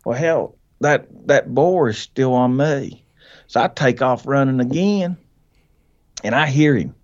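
A man telling a hunting story as a podcast guest, animated and folksy, laughing often and acting out what people said. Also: mid-range voice, measured pace, lo-fi sound. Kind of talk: casual storytelling.

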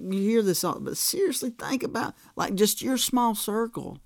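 A man's voice: high voice, a little mellow, dry recording, studio quality. A man preaching a sermon as pastor, in a conversational way with frequent restarts and "right?" asides.

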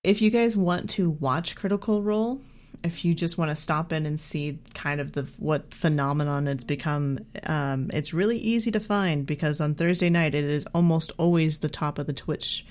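A woman co-hosting a podcast, chatting in a relaxed, conversational and amused way. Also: low-pitched, normal speed. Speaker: podcast co-host. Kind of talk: casual chat.

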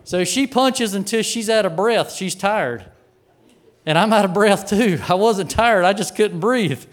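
Middle-aged pastor, male, slightly high voice, folksy animated storyteller from the pulpit. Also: measured pace. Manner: animated, folksy anecdote with chuckles. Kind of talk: storytelling sermon.

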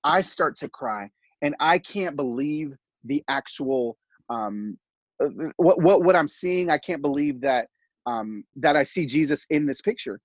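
Middle-aged man, husky and slightly high, animated heartfelt storyteller, dry muffled recording. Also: a little slow, no echo. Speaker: podcast guest. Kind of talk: casual conversational storytelling.

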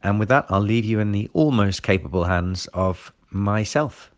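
A man introducing a podcast episode in a wry, apologetic way, with a husky voice. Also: lowish voice, animated, moderate pace, dull audio. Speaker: podcast host.

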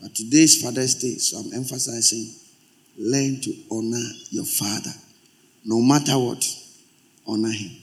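A man's voice: mid-range voice, fairly even intonation, normal speed. Emphatic male pastor preaching. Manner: emphatic, repeats exhortations. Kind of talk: sermon.

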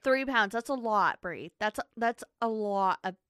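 A woman's voice: mid-range voice, lively intonation, measured pace, fairly bright tone, clear, resonant tone, no echo, studio quality. A young adult woman co-hosting a podcast, chatting casually, laughing often and retelling stories with little acted quotes. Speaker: podcast co-host. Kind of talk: casual chat.

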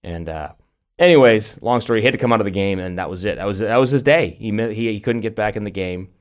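Middle-aged man, casual podcast chat, low voice, animated storytelling. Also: quick pace. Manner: animated storytelling, many restarts and laughs. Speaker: podcast co-host.

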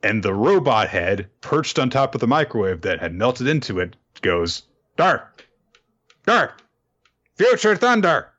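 A podcast host with a low, deepish voice tells a story in an animated, casual way and swears freely. The sound is muffled, like a lo-fi recording. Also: male voice, moderate pace, few pauses. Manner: animated storytelling, profane asides. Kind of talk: casual recap of a manga chapter.

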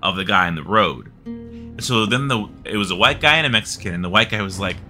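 A man's voice: lowish voice, a little fast, soft background music. A man hosting a podcast, animatedly telling a story and laughing as he goes. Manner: animated, laughing, acts out quotes. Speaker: podcast host. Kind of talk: casual storytelling.

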